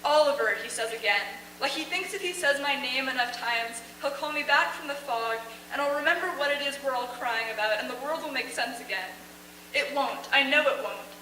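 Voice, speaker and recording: A woman's voice: high-pitched, bright, forceful tone, far from the mic. A young woman student earnestly reading her own emotional first-person story aloud on a theater stage. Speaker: student reader at a showcase. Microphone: far camera in audience. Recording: echoey theater taped from afar, faint hum.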